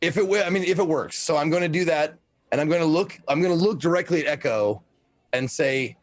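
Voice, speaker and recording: A man's voice: a little high, brisk. Man player explaining a spell. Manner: explanatory, reads rules aloud. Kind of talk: explaining a spell in a tabletop game.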